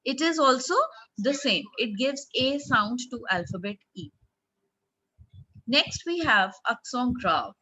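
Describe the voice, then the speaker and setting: Indian English accent, woman, language teacher, higher voice, bright tone, asks the class questions. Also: lively intonation, slow pace, poor audio. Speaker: French teacher. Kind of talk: online class lesson.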